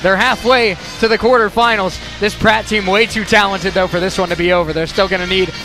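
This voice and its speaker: A man calling a basketball game play-by-play, shouting excitedly and a little out of breath. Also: high-pitched, a little fast. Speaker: play-by-play announcer. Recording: broadcast with loud crowd and music behind. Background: crowd noise and music.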